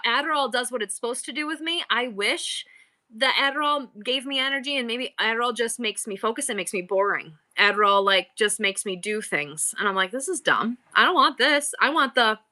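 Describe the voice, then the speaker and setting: Bubbly middle-aged woman selling on a livestream, bright voice a bit high, rambles all over. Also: brisk. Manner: bubbly, playful, exaggerated customer-service voice; rambling, jumps between topics. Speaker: online live-selling host. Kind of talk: casual livestream chat.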